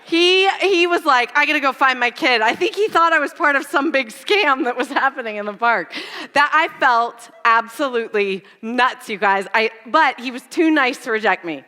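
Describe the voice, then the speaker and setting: A woman giving a sermon, telling funny stories about herself in an animated, self-mocking way. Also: sits high, moderate pace, big-room sound. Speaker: church speaker. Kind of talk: sermon with personal storytelling. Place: church auditorium.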